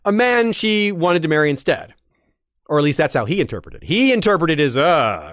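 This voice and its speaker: A man hosting a lore commentary podcast, talking casually and animatedly, with fillers and quick self-corrections. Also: on the high side, big pitch swings, a bit bright, no echo, studio quality. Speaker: podcast host.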